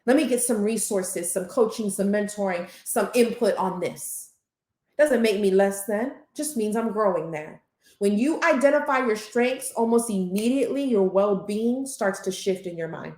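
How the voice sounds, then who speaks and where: A woman life coach leading a group coaching masterclass in a lively, conversational way, acting out inner voices. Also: medium pitch, moderate pace, roomy sound.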